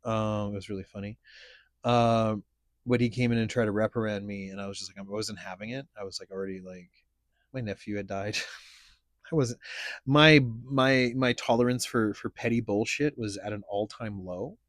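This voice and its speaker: A man's voice: fairly low pitch, moderate pace, dry recording, clean studio sound. A man hosting a casual podcast chat, telling stories in a blunt, profane, rambling way. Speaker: podcast host.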